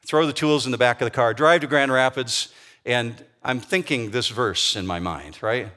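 A man's voice: medium pitch, moderate pace, sharp tone. A middle-aged man preaching a sermon, telling a personal story in a conversational way and asking his listeners questions. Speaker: pastor.

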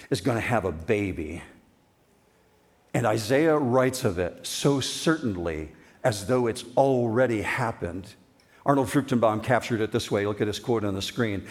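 A male pastor preaching a sermon, stretching out key words for emphasis. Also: mid-range voice.

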